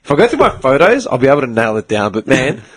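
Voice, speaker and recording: A man spinning a loose, rambling tale in a casual chat. His voice jumps around in pitch. The sound is dry and close, with no room around it. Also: very animated, fast talker, fairly bright tone, husky, no echo. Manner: rambling storyteller, swears a lot, says man often. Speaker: podcast host.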